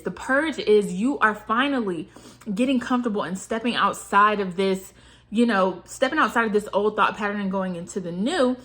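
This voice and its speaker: A woman's voice: mid-range voice, a bit bright. A woman talking casually to camera as a manifestation coach. She asks many rhetorical questions and fills her talk with "like" and "you know".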